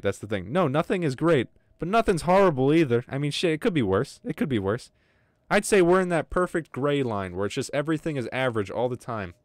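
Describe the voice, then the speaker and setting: Recorded at studio quality with no room sound, a man with a mid-range voice streams a game live. He chats casually and ramblingly with his viewers, cracking jokes, swearing freely, and breathing somewhat wheezily.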